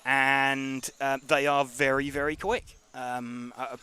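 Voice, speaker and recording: Bright-voiced race commentator. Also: male voice, mid-range voice, slow, a little hiss or hum. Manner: relaxed, hesitant with many ums and uhs.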